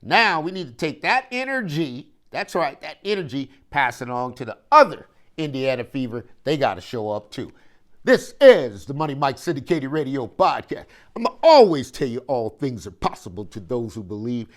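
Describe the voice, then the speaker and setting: Animated man hosting a sports podcast. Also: medium pitch, normal speed. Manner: animated, preachy, repeats phrases, talks straight to listeners. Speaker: podcast host. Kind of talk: solo sports commentary podcast.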